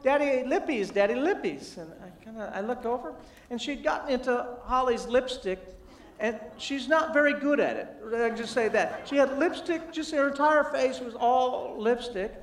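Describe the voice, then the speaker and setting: A man giving a humorous motivational sermon, telling a family story with animated, self-deprecating delivery. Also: extremely high pitch, normal speed. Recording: echoey, distant mic in a large room.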